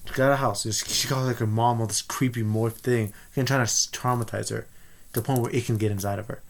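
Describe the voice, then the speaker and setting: Man vlogger, mid-pitch, rambling spoiler review, eager and loose, keeps restarting. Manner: rambling, excitable, many restarts. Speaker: movie reviewer.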